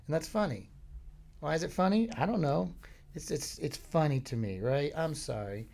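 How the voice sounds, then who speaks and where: A man from Florida hosting a podcast, telling meandering comic stories in a deadpan, filler-heavy way. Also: on the high side, moderate pace, creaky, a little hiss or hum. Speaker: podcast host. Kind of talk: rambling comic monologue.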